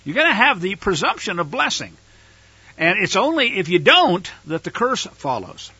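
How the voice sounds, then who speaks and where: A man's voice: high voice, sing-song, moderate pace, bright, forceful tone, slightly rough, no echo, highs cut off. A man teaching a scripture study, reading verses aloud and explaining them, leaning hard on key words with growing emphasis. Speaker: Bible teacher.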